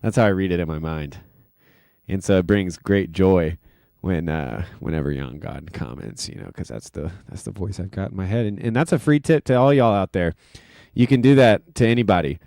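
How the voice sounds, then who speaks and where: A man's voice: low voice, normal speed, creaky, a little mellow, no room sound, studio quality. A man hosting a casual livestream, rambling loosely with lots of fillers and self-deprecating asides. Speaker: livestream host and music producer.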